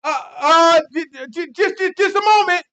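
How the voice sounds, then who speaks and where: A fussing host stammers and rushes his words, pitched sharply up and loud, as a man acts him out. He sounds caught off guard and eager to smooth things over. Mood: flustered. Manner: stammering, hurried pleading.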